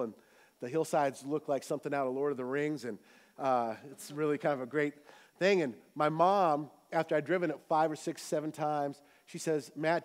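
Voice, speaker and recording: Preaching in a church auditorium, this pastor has a high, bright voice and a lively, rhythmic delivery. He swings from loud, animated calls to the congregation into relaxed, chatty storytelling.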